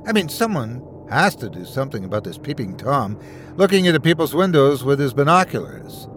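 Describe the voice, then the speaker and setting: A man voicing an elderly woman calling a radio show, droning hoarsely and indignantly. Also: medium pitch, big pitch swings, a little fast, fairly bright tone, faint music behind.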